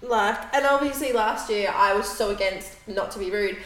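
A woman in her twenties with an Australian accent, co-hosting a podcast in blunt, sweary, animated casual chat. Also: mid-range voice, moderate pace. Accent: Australian, picking up English turns. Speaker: podcast co-host. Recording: echoey room.

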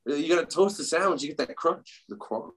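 A man's voice: a little high, fairly quick, a crowd in the background. A man from Canada, a guest in a casual podcast chat, who talks bluntly and swears freely.

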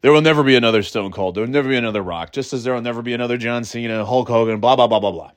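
A man's voice: mid-range voice, rapid-fire. A man talking casually on his own, rambling with fillers and restarts and cutting in short jokey imitations. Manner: breaks into short mock catchphrase imitations. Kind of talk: casual solo chat.

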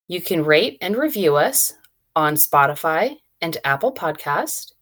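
A woman's voice: deep voice, fairly bright tone. A woman hosting a book podcast who chats in an easygoing way and reads the show's sign-off. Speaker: podcast host. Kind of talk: casual chat and show outro.

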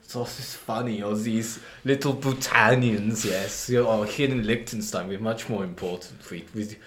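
A man's voice: fairly low pitch, steady tone, normal speed, fairly bright tone, pitched below the performer's own voice, lightly acted. A man voicing a boastful, petty delegate from Liechtenstein who brags in broken English. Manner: broken English, bragging and taunting. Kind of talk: improvised comedy role-play. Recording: echoey room, faint noise.

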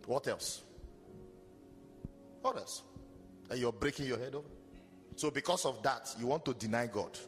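A man preaching a sermon as pastor, animated and storytelling with mocking asides. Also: medium pitch, fairly quick. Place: church hall. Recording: long hall reverb with faint music.

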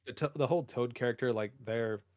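A man's voice: medium pitch, a little fast, a little mellow, no room sound, clean studio sound. A young man co-hosting a casual podcast, rambling with lots of fillers and jokes. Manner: rambling, many fillers, jokey. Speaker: podcast co-host. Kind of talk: casual chat.

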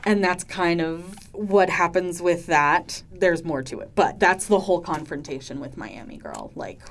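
Woman podcast co-host, low-pitched, casual recap, quick impressions of the people in the story. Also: slight background noise. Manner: animated storyteller, quick voices for quoted people. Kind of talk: casual chat.

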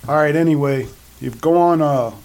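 A laid-back male podcast host chats loosely, swearing freely and laughing often. His voice sits a touch higher than most men's. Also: normal speed, darkish tone. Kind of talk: casual chat.

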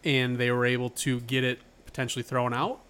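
A man's voice: medium pitch, little pitch movement, a little fast, fairly bright tone, smooth. Profane, rambling male podcast co-host. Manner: loose, profane, rambling banter. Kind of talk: casual podcast chat.

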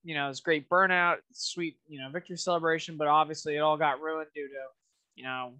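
A man's voice: fairly high pitch, steady tone, a little fast, bright, forceful tone, smooth. A man co-hosting a podcast in casual chat, rambling and leaning heavily on "you know" fillers. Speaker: podcast co-host.

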